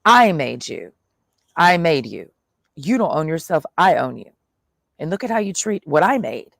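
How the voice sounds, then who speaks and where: A man's voice: fairly high pitch, very animated, a little slow, creaky, a bit bright, no echo, studio quality. A man in a blunt, profane monologue, speaking in the first person as God, full of slang and swearing. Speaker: vlogger.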